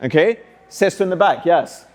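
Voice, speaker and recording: A man speaking as a motivational speaker to students, energetic, coaxing the audience with questions and call-and-response. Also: high-pitched, moderate pace. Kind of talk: interactive talk to students. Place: school hall.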